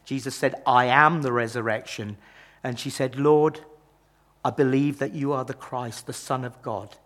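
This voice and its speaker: A man preaching a sermon, retelling a Bible story with dramatic rises and hushed drops. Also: fairly even intonation, unhurried. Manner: dramatic, rises and falls in pitch and loudness.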